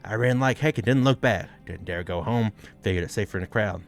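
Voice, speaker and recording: A man's voice: fairly low pitch, fairly quick, lightly acted. A man voicing a scared, weary old grave digger with a folksy drawl, reading game dialogue aloud. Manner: folksy drawl, dropped words.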